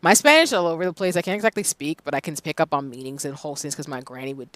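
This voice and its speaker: A streamer from the Southern United States chatting casually on a live stream, animated and quick to laugh. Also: medium pitch, dry recording.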